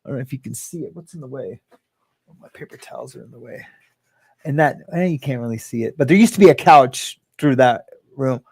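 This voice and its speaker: This host talks a little fast in a medium-pitched, husky, darkish voice with vocal fry, streaming casually from his home living room via webcam or phone. He chats loosely, often laughs and reads out viewer comments, with no echo on the sound.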